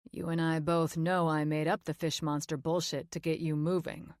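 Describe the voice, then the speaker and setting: A woman voicing a confident, teasing young man who coaxes gently, in a lowered, softer voice. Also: level tone, moderate pace, no room sound, clean studio sound. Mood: coaxing. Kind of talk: audiobook character voice.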